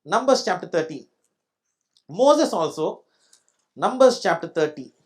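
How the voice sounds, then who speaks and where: A man's voice: high-pitched, sing-song, measured pace. A male pastor with an Indian English accent preaching a sermon in church. He speaks emphatically, repeats his points, and keeps checking that the congregation understands.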